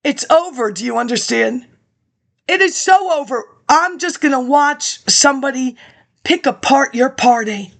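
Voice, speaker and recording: A woman's voice: high-pitched, moderate pace. A woman rambling through a monologue, reading old papers aloud and jumping between topics with sarcastic asides.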